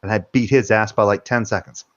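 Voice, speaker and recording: A man's voice: lowish voice, steady tone, a little fast, lo-fi sound, a little hiss or hum. A man, a military veteran, telling rambling stories in casual chat and swearing freely. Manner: rambling storytelling with profanity. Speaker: veteran panelist.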